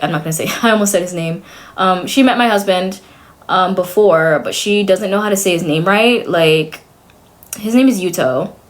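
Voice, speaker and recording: A young adult woman streamer chatting casually to her viewers, blunt and sarcastic, swearing freely. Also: lowish voice.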